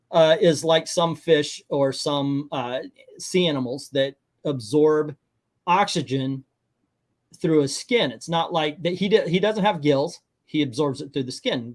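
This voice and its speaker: A man hosting a casual movie review chat, sarcastic and breaking into mocking voices for the characters. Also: fairly high pitch.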